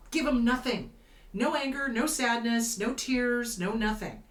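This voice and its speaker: A woman host, a therapist, giving advice in casual talk, emphatic and animated, acting out quoted voices. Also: fairly high pitch, measured pace. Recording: roomy echo, slightly distant from mic.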